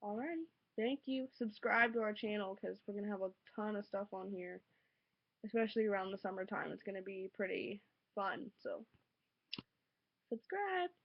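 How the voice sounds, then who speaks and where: A woman's voice: medium pitch, expressive, normal speed, gravelly. A teenage girl vlogging casually, ranting in an exasperated way with lots of fillers. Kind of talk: casual vlog monologue. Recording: dull lo-fi home recording.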